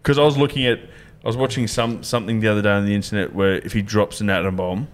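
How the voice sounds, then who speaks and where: A man's voice: lowish voice, fairly even intonation, fast. An Australian man co-hosting a casual podcast among mates, swearing freely and telling rambling anecdotes. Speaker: podcast co-host.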